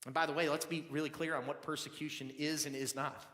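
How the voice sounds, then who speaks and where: High bright-voiced pastor in an echoing hall. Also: male voice, flat delivery, fast. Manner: conversational, repeats words as he builds emphasis; swings from low confiding tones to loud emphatic bursts. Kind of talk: sermon. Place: church sanctuary. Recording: echoey hall, long reverb.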